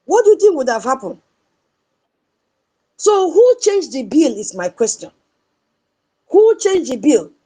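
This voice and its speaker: A woman's voice: high-pitched, dark tone. A Nigerian woman giving an impassioned political commentary, repeating her points and asking her audience rhetorical questions.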